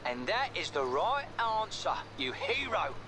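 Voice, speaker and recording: A swooping, teasing game character. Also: male voice, a little high, sing-song, unhurried. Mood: cheeky. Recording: game audio under loud music. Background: game music.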